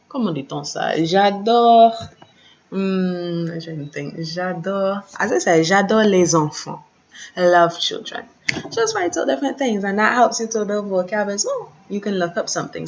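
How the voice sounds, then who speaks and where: A woman's voice: on the low side, gravelly, a little hiss or hum. A woman teaching a French lesson, patiently repeating each conjugation and encouraging her students to practise. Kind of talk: slow classroom lesson, repeating drills. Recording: dull lo-fi sound.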